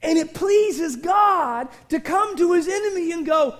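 A middle-aged man preaching a sermon with passion, swinging between shouted outbursts and hushed, intimate moments, often repeating words as he presses a point. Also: very high voice, lively intonation, unhurried. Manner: repeats and restarts words in fervor. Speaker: pastor.

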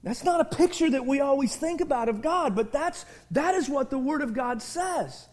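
A middle-aged man preaching a sermon with passion, swinging between shouted outbursts and hushed, intimate moments, often repeating words as he presses a point. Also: extremely high pitch, animated, normal speed. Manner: repeats and restarts words in fervor. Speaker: pastor.

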